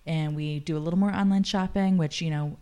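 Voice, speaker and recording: A woman's voice: deep voice, steady tone, brisk, mellow, clean tone. A woman in her late thirties, speaking earnestly as an interview guest, often using "like" as a filler. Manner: earnest, thoughtful, frequent "like" fillers. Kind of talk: casual interview talk.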